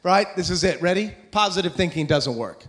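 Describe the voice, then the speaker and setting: An excitable American man in his forties delivers a lively motivational talk, joking with the crowd between points. His voice sits noticeably high for a man. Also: fairly quick. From USA. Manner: excitable, animated, jokey. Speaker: motivational speaker.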